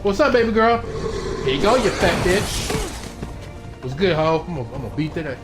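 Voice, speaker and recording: A young man streaming a game, yelling loud profane trash-talk at the screen. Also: a little high, big pitch swings, fairly quick. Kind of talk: live game-stream commentary. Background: game music.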